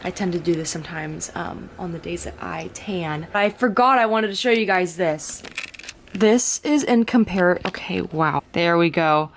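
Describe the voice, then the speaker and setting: A woman's voice: lowish voice, moderate pace, slight background noise. A young woman vlogging at home about her competition prep, chatty and bubbly, talking into a handheld camera and often saying "dude". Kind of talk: casual vlog chat.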